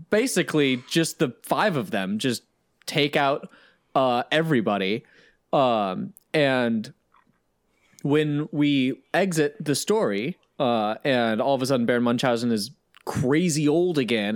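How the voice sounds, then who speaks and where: A man leading a casual film podcast, his voice rising and falling in a lively, storytelling way. He is recorded dry and close, with no room sound, and he slips into the voices of the people he quotes. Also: mid-range voice, no echo. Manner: animated storyteller, acts out quotes. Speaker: podcast host. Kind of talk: casual film-discussion chat.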